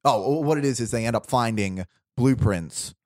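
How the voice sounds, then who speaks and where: A man's voice: medium pitch, normal speed, no echo, clean studio sound. A man casually telling a made-up story to friends, rambling with restarts and quoting characters. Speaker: storyteller pitching a movie plot. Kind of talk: casual chat.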